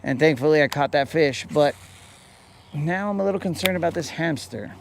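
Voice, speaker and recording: A man hosting a fishing show rambles through a playful, made-up story in casual slang. His voice sits a little high for a man and stays loose and chatty. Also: animated, normal speed, vocal fry, background noise. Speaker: fishing podcast host.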